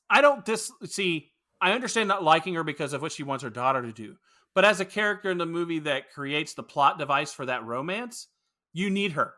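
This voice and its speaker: A man's voice: on the high side, pushed and bright. A man co-hosting a podcast, chatting casually and opinionatedly about a film and swearing freely. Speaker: podcast co-host. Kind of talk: casual movie review chat.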